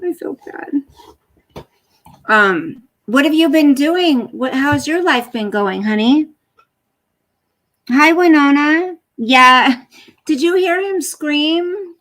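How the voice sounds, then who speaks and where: An older woman chatting casually with her live stream viewers, rambling between stories and stopping to coo softly at her dog. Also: high voice, animated, slow, long pauses, poor audio. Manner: chatty, rambling, talks to her dog in soft baby talk.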